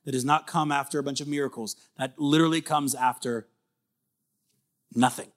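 A man in his thirties preaching a sermon in a conversational way, building to loud emphatic peaks. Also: medium pitch, fairly even intonation, normal speed. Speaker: pastor.

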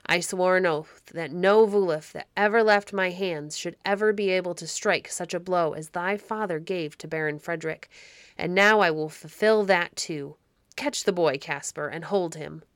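A grim baron of the old castle, harsh and deep, speaking with cold resolve, played by a woman reading a storybook. The voice sits a little low and sounds dry and close, with no room around it. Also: normal speed, dry recording, natural voice. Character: stern harsh middle-aged male baron.

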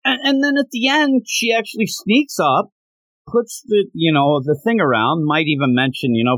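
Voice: medium pitch, expressive, normal speed, dry recording. A podcast co-host in casual chat, animatedly retelling comic panels and joking about them.

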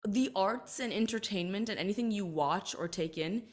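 A woman in her thirties speaking earnestly and reflectively as a podcast interview guest. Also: medium pitch. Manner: earnest, reflective, quick to emphasize. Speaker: guest, entertainer and author.

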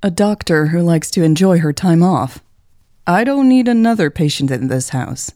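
A woman's voice: fairly low pitch, animated, moderate pace, dark tone, no room sound, lightly acted. A woman reading as a dry, teasing woman doctor, an older sister in a storybook.

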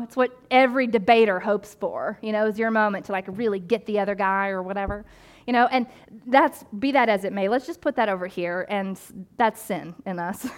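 A woman pastor with a medium-pitched voice gives a lively, chatty sermon. Along the way she tosses in casual asides and mimics the people in her stories with playful voices.

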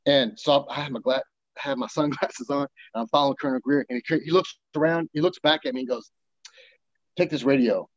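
A man, a military veteran, telling a story in casual chat, animated and profane as he acts out the dialogue. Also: medium pitch, fast, no room sound, muffled recording.

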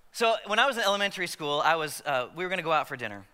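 Brief: male pastor, high-pitched and sharply forceful, chatty sermon with jokes, in a long-reverb hall. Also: racing, hardly any pauses, smooth. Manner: conversational, joking asides to the congregation.

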